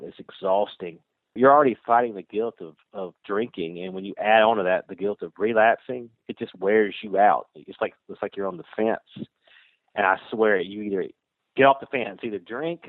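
Low-voiced earnest man over a tinny phone line. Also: no room sound. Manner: earnest, repeats his points. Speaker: podcast guest. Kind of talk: casual interview chat.

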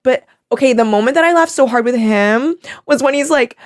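A woman hosting a casual podcast chat, animated and laughing as she acts out quotes. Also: high-pitched, brisk, no room sound, studio quality. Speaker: podcast host.

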